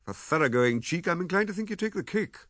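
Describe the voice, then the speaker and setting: A man voicing a pompous, waggish middle-aged gentleman who lectures genially and with self-satisfaction in a storybook reading. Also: high voice, lively intonation, fast, no room sound, studio quality, voice pushed up. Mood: lecturing.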